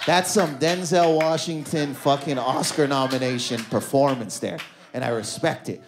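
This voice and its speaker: A man's voice: medium pitch, normal speed, background noise. A man with a Canadian accent performing stand-up on a comedy club stage, telling stories and acting out the voices of the people in them. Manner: animated storytelling, acting out voices.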